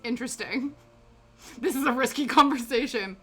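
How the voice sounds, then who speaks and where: A woman's voice: high-pitched, moderate pace, bright, forceful tone, slightly rough. A British woman streaming a crafting session, chatting casually and reacting to her chat with frequent laughs. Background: faint background music.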